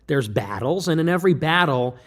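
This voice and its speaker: A man's voice: on the high side, animated, fairly quick, a bit bright. A man delivering an emphatic, lecturing livestream monologue, loose and joking in tone. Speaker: livestream commentator.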